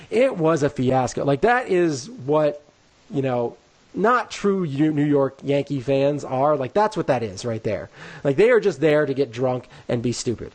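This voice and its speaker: A man with a slightly high voice co-hosts a sports podcast and tells a long, meandering story. He fills his talk with "like" and "you know," and slips into lively voices when he quotes other people. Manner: rambling, full of "like" and "you know". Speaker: podcast co-host. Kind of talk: casual storytelling chat.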